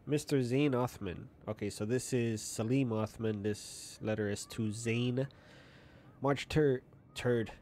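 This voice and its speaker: Chatty man narrating a game, mid pitch. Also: mellow. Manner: chatty, stumbles while reading aloud. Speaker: gaming YouTuber. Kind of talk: casual let's-play commentary. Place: small apartment at night.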